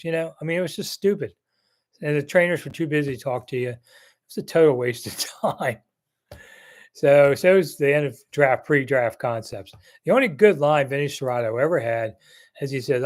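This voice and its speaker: A man's voice: medium pitch, moderate pace, a little mellow. A man in his sixties hosting a sports live chat, answering viewers in a rambling, chatty way with jokey asides. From Maryland area. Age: 60s. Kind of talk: casual live-stream chat.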